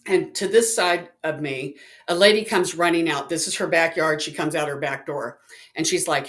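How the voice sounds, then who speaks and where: A woman's voice: deep voice, moderate pace. A woman, a psychic, casually telling a personal story and acting out the voices of the people in it. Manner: chatty, animated, acts out quoted voices.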